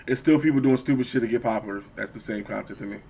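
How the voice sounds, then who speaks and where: Animated man chatting on a podcast. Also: mid-range voice, racing, gravelly, slightly rough. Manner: animated, profane, acts out quoted voices. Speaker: podcast co-host. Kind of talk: casual chat.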